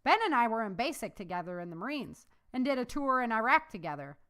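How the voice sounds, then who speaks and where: A woman voicing a boisterous, slightly drunk male ex-Marine who booms and teases. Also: very animated, fast talker, a bit bright. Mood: boisterous teasing. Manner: booming, teasing.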